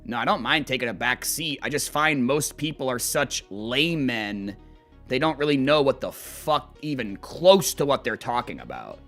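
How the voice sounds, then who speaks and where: Male streamer, casual chat over gameplay, rambling and profane, bright lively voice, faint music behind. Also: mid-range voice, normal speed. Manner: animated, profane, rambling storytelling. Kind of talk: casual chat while gaming.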